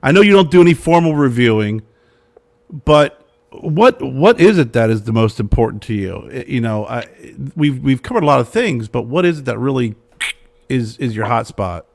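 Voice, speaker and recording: A man's voice: mid-range voice, expressive, moderate pace, creaky, a little mellow. A man hosting a casual cigar chat, joking and leading the questions. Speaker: host.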